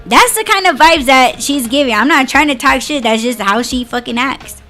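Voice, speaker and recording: A woman hosting a podcast, ranting solo in a loose, profane, sarcastic way. Her voice sits a little high, and she laughs easily between jabs. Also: animated, normal speed, sharp tone, soft background music. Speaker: podcast host. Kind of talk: casual ranting monologue.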